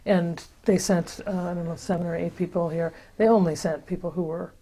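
A woman's voice: fairly low pitch, steady tone, fairly quick, dark tone, slightly rough. An older woman recounting memories in an oral history interview, telling her story with many restarts and fillers. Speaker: interviewee, sister-city project founder.

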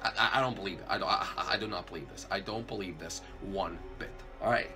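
A man's voice: deep voice, brisk, over music, close to an everyday voice. A man voicing a jittery failed cop turned night guard in a hobby plush video, stammering and repeating himself in panic. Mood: disbelieving.

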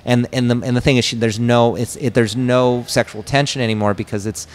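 Brief: male director guest, mid-pitched voice, animated storyteller who slips into character lines. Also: a little fast. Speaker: film director, podcast guest. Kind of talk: casual interview chat.

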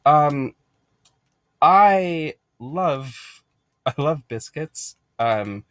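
A man's voice: on the high side, animated, drawn-out words, fairly bright tone, dry recording. Bubbly, giggly American man. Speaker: podcast host. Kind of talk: casual unboxing vlog.

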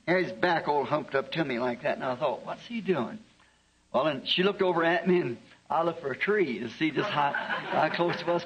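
Husky preacher on old tape. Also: male voice, mid-range voice. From American South. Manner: homespun, chuckling, drawn-out anecdotes. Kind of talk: folksy storytelling sermon. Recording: dull lo-fi archive tape.

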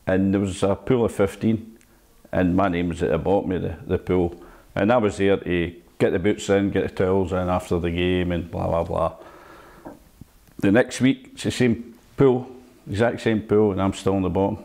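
An older Scottish former footballer telling stories from his career in a relaxed interview, acting out old exchanges and laughing at himself. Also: sits low, moderate pace, creaky. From Scotland. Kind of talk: casual reminiscing interview.

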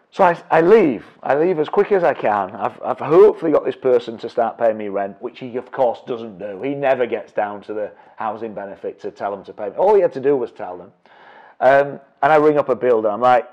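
A man's voice: mid-range voice, expressive, a little fast, lo-fi sound. A middle-aged man teaching property investing through a personal story, acting out his own reactions with big jumps in voice. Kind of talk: storytelling presentation.

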